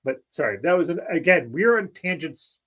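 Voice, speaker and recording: A man's voice: a little high, expressive, moderate pace, a bit bright, lo-fi sound. A man co-hosting a casual chat show, wandering into rambling tangents and laughing easily. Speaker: podcast co-host.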